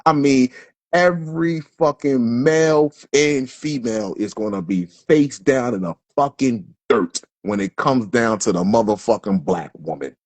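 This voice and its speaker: In an unhurried, darkish medium-pitched voice with no room sound, the Philadelphia host rants fiercely on his livestream. He swears, repeats words, and stammers through restarts as he winds up.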